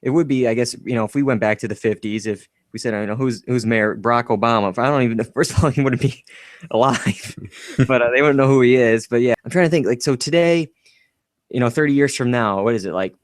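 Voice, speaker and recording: A man co-hosting a podcast, chatting casually about a film, animated and laughing often as he acts out quotes. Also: mid-range voice, fast talker, dry recording, studio quality. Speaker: podcast co-host.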